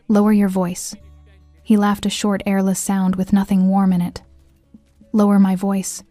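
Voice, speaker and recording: A woman giving a measured, scripted narration of a story. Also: medium pitch, no room sound. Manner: measured, even reading. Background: faint music.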